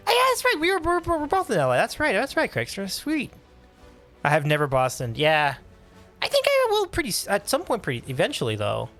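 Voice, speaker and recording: A man hosting a casual livestream, reading and answering chat with upbeat, animated talk and frequent laughs. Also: sits high, brisk, soft background music. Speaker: livestream host.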